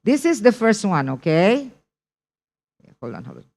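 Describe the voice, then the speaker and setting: A woman instructor giving an English test preparation lesson, speaking deliberately and checking in with her listeners often. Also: mid-range voice, big pitch swings, creaky, a little mellow. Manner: slow, deliberate teaching with repeated check-ins.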